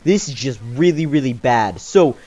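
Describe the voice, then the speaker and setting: A man's voice: medium pitch, lively intonation, moderate pace, mellow, lo-fi sound. A young man telling a story in a casual vlog, rambling with many fillers and sounding exasperated. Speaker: YouTuber.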